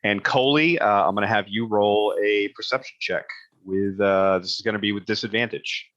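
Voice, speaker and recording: A man's voice: on the low side, normal speed, fairly bright tone, dry recording. A man running a tabletop game as game master, easygoing, with frequent chuckles and "uh"s. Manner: easygoing, chuckles often, many "uh"s. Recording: dull lo-fi audio.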